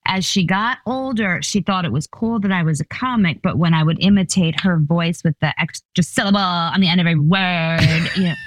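A woman's voice: lowish voice, a little fast, few pauses, dry recording. A woman in her fifties, a comedian chatting as an interview guest, telling stories with laughs and playful voices. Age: 50s. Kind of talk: casual interview chat.

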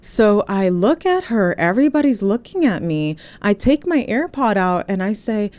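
A woman telling a casual story to her phone, chatty and animated, often checking in with "okay?". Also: mid-range voice, moderate pace, hardly any pauses. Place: indoors, recording on a phone.

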